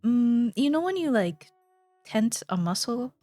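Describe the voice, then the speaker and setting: A woman's voice: on the high side, big pitch swings, unhurried, warm tone, dry recording, faint music behind. A young woman streamer chatting casually with her viewers, rambling, giggling and trailing off mid-sentence. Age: young adult.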